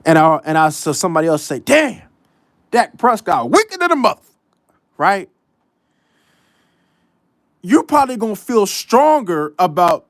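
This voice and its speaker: Male host for a sports rant show: blunt, profane, repeats himself to hammer points home, pitch swinging widely but delivery slow and deliberate, dry close mic. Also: no echo. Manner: repeats lines for emphasis. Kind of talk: casual sports commentary rant.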